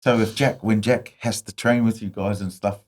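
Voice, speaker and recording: A man's voice: on the low side, steady tone, moderate pace, a little mellow. A man hosting a casual podcast interview, chatty and laughing easily. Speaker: podcast host.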